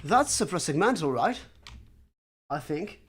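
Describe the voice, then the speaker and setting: This streamer's mid-range voice is very animated yet unhurried, with a slightly rough texture. While creating a conlang live, they chat casually with viewers, dry and self-mocking, muttering thoughts aloud with many fillers.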